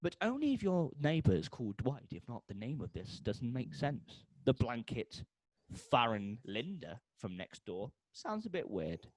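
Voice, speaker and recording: A man co-hosting a podcast, pitching a made-up product in comic style and making beeping sound effects. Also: wildly swooping pitch, unhurried, no echo. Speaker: podcast co-host.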